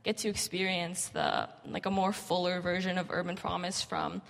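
A woman's voice: fairly low pitch, fairly even intonation, normal speed, vocal fry. A young woman telling stories about her time as a camp volunteer, in a chatty way full of "like" fillers. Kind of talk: casual storytelling talk. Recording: long hall reverb.

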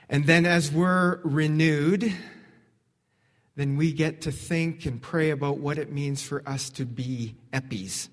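Slow, earnest male pastor in a reverberant hall. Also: medium pitch. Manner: earnest, building to emphatic questions then dropping to soft quiet lines. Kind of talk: sermon. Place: church sanctuary.

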